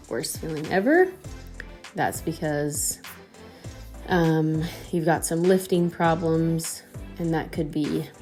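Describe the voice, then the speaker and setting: A woman's voice: deep voice, a little mellow. A woman at home explaining how to apply her nails in a casual, chatty how-to voice. She is slightly out of breath and fills her talk with "um" and "like". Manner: chatty, friendly, instructional, with "um" and "like". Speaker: home nail tutorial host.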